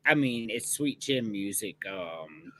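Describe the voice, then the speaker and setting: A man's voice: on the low side, animated, slow pace, pushed and bright, slight background noise. A man hosting a casual podcast chat over a video call, laid-back and trailing off with ums and uhs. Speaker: podcast host.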